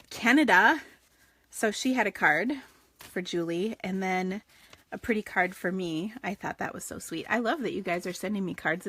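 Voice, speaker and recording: A woman's voice: medium pitch, fairly bright tone, a little hiss or hum. Chatty gushing woman hosting a craft stream. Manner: chatty and gushing, many fillers and restarts. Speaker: craft show host. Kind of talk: casual live-stream chat.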